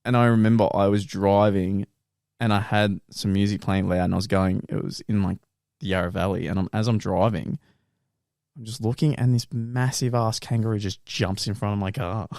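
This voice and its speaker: A man's voice: on the low side, fairly even intonation, moderate pace, creaky, darkish tone, no room sound, studio quality. A young Australian man co-hosting a casual podcast, telling rambling dating anecdotes with plenty of laughter and restarts. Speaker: podcast co-host. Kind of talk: casual chat, storytelling.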